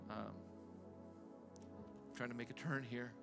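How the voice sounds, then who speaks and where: A man's voice: mid-range voice, flat delivery, a little slow, over music. A male pastor preaching a sermon in a conversational way, asking the congregation rhetorical questions again and again.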